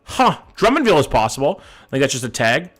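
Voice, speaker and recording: A man's voice: mid-range voice, sing-song, brisk, faint music behind. A man streaming a game live, thinking aloud in a casual way, swearing now and then and greeting his chat by name.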